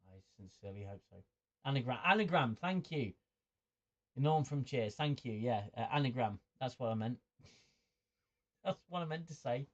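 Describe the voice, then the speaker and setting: A male livestream host with a mid-range, medium-pitched voice reads viewer comments aloud in chatty, expressive fashion at a moderate pace, pausing often. He stammers, repeats words while thinking, and chuckles a lot, and the sound is muffled and lo-fi.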